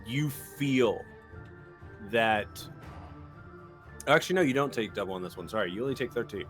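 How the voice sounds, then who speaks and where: A man's voice: medium pitch, lively intonation, normal speed, a bit bright. A man running a tabletop game as game master, describing attacks and correcting his own rules calls. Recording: faint music under the voices.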